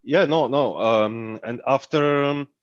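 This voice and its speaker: A man's voice: medium pitch, takes it slowly, no room sound, lo-fi sound. A man with a French accent giving a project update in an online community meeting, hesitant and searching for words. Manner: hesitant, many fillers and restarts, searching for words.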